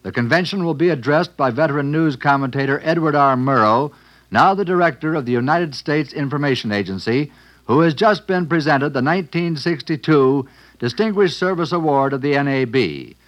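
A man announcing a radio broadcast with a crisp, formal introduction. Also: a little high, expressive, moderate pace. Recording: old 1960s broadcast recording, dull.

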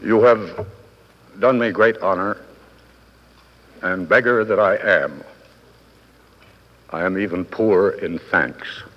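A man in his fifties giving a formal convention speech with dry wit and measured, deliberate pauses. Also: sits low. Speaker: guest speaker at a convention. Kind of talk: formal after-dinner speech. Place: large hotel ballroom. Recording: old 1960s broadcast recording, dull, with long hall reverb.

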